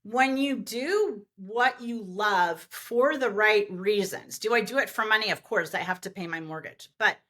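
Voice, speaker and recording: A woman event planner telling party stories as a podcast guest, animated and rambling with lots of fillers. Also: mid-range voice, unhurried, hardly any pauses. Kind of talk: podcast interview storytelling.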